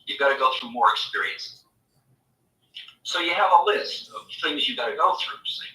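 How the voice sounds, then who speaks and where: Bright-voiced man lecturing in an echoey room. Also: medium pitch, normal speed. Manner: animated storytelling, acting out imagined voices. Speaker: spiritual teacher. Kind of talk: spiritual lecture. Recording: echoey room, mic far off.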